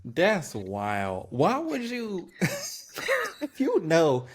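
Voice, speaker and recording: A man co-hosting a podcast, playful and teasing, with animated reactions. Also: a little high, extremely slow, husky. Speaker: podcast co-host. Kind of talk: casual podcast chat.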